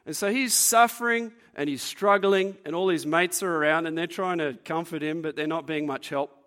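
A young man preaching to a youth group, telling stories in a lively way and acting out what people said. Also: fairly high pitch, normal speed. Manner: animated storyteller, acts out quotes. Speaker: youth pastor. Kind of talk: youth sermon with storytelling. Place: room with a live audience.

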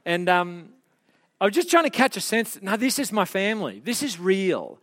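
A middle-aged man preaches in an easy, conversational way, trading jokes at his own expense with the congregation. His voice sits somewhat high for a man, and he stumbles and restarts as he talks. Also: big pitch swings, moderate pace, a bit bright. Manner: conversational, self-deprecating, many restarts and asides. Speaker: pastor. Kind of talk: sermon.

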